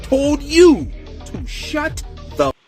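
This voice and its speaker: A man's voice: very high-pitched, slow pace, faint music behind. A man giving blunt, profane commentary, ranting to viewers. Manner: blunt, animated, heavy cursing. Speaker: commentator reacting to a viral video.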